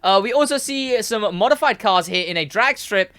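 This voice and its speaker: Young man with a lively rambling voice. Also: high-pitched, moderate pace. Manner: rambling, animated, laughs often. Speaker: podcast co-host, gaming segment host. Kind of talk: casual podcast chat.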